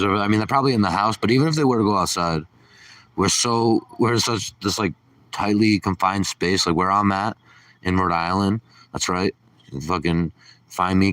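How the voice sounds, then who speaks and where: A man's voice: low voice, a bit bright, no room sound, recorded from a distance. A man hosting a casual livestream, ranting sarcastically and swearing as he rambles. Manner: sarcastic, profane rambling rant. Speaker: livestream host.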